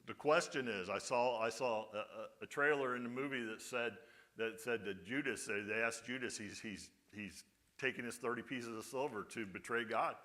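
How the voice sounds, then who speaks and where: A man's voice: mid-range voice, moderate pace, fairly bright tone. A male pastor giving a conversational sermon, often putting rhetorical questions to his congregation.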